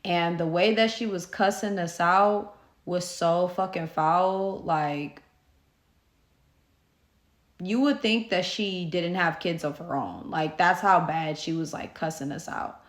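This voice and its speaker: A young woman tells a storytime to her phone camera in a lowish voice, loose and chatty, swearing freely. Her talk is full of "like" and "you know". The room rings around her. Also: takes it slowly. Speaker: YouTuber telling a story. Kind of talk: casual storytime vlog. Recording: roomy phone recording.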